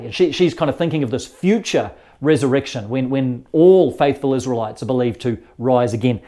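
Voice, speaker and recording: Pastor guy giving a sermon, fairly high but mellow voice, chatty and earnest. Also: moderate pace. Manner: earnest, conversational storytelling with repeated words.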